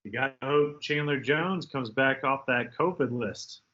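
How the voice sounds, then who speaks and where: Bright-voiced animated man talking sports picks. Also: mid-range voice, measured pace, muffled recording. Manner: animated, mimics people in loud outbursts. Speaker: podcast co-host. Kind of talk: casual sports betting chat.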